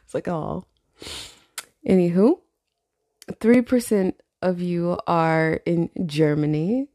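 A woman's voice: lowish voice, expressive, takes it slowly, warm tone, dry recording, studio quality. A woman in her late twenties hosting her own podcast, chatting loosely with lots of swearing and laughter. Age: 20s. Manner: loose, profane, laughs often. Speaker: podcast host. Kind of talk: casual solo podcast chat.

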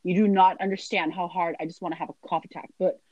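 A woman's voice: fairly low pitch, fairly even intonation, fast, darkish tone, dry recording, highs cut off. A young woman chatting casually as a guest, rambling through stories with lots of filler words. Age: young adult. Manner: rambling storyteller. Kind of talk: casual chat.

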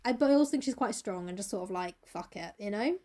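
A woman's voice: mid-range voice, lively intonation, mellow. Sweary woman retelling a novel. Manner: swears freely, acts out characters' lines in quick voices. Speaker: book podcast host. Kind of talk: casual chat retelling a novel.

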